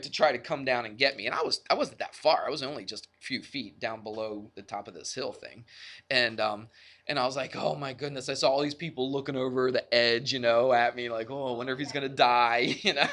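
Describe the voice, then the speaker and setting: Bright-voiced chatty male math teacher. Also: medium pitch. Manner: chatty, self-deprecating storytelling. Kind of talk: classroom lesson with a personal story.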